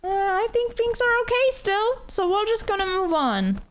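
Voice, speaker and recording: A woman streaming a video game, chatting casually and excitably with her viewers. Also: extremely high pitch, normal speed. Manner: chatty, excitable, gasps and laughs. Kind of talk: casual let's-play commentary.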